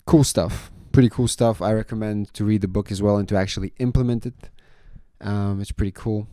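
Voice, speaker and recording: A laid-back young man talks straight to the camera, his voice low and mellow with a smooth, clear tone. He tells his stories loosely and swears freely, tossing in "man" and "you know" often. When he retells a story he gets loud and animated. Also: a little fast, no room sound, studio quality. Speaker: vlogger. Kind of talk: casual storytelling monologue.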